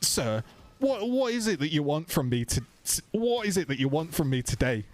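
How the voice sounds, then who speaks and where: A man's voice: fairly high pitch, sing-song, normal speed, voice pushed up. A man doing a flustered male phone agent. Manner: hesitant, stammering.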